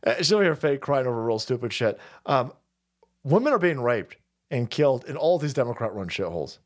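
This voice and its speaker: Profane, lively ranting man. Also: medium pitch, fairly quick. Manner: profane, rambling, sarcastic, laughs often. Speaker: stream host. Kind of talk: ranting commentary.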